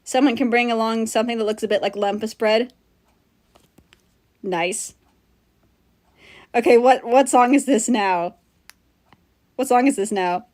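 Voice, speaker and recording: A woman streamer chats casually with her viewers while she draws. Her voice sits fairly high, and she talks in a loose, self-mocking way with frequent giggles. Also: measured pace, pauses often, darkish tone. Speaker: livestreaming artist.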